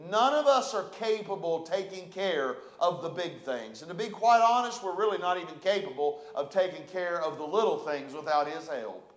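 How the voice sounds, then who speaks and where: A man's voice: sits high, animated, moderate pace, few pauses, roomy sound. A man preaching a sermon as pastor, fervent and repetitive with emphatic delivery.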